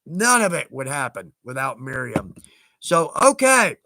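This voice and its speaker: A man's voice: mid-range voice, big pitch swings, unhurried, sharp tone. A man hosting a leathercraft livestream in casual chat, rambling, restarting and laughing at himself. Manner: chatty, self-interrupting, laughs at himself. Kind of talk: casual live-stream chat.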